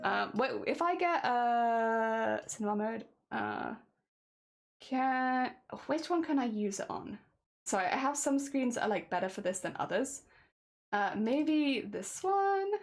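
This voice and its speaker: A woman's voice: fairly high pitch, animated, unhurried, vocal fry. A woman streamer chatting casually and giggling as she talks to her viewers. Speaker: craft streamer. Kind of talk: casual live-stream chat. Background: music playing.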